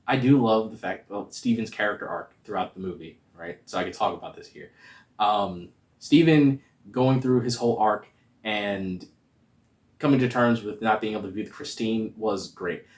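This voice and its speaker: A man giving a casual spoiler review of a movie, talking in a slangy, animated, rambling way. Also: lowish voice, normal speed. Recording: roomy echo.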